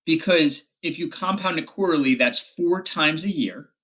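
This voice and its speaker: Guy teaching math on video, kinda husky, talks fast and fixes his own slips. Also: on the high side, bright, forceful tone. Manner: quick explanatory talk with self-corrections. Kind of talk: recorded video lesson.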